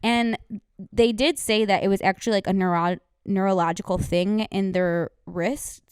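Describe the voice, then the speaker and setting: Woman podcast co-host, casual and giggly, smooth tone, dry close mic. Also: mid-range voice, fairly even intonation, normal speed, darkish tone, no room sound. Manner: laughs often, quotes people in playful voices. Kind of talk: casual chat.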